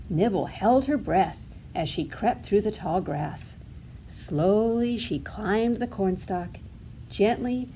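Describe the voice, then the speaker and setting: A woman's voice: mid-range voice, slow pace, dark tone, slight background noise. A woman librarian reading a storybook aloud to toddlers in a sing-song way, asking the children questions as she goes.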